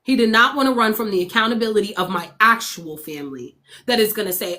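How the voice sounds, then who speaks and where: A woman's voice: mid-range voice, fast, sharp tone. A woman venting on her livestream in blunt, heavily profane casual talk. She is emphatic and keeps asking her viewers whether they follow her. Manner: emphatic, asks the audience for agreement. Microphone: streaming setup.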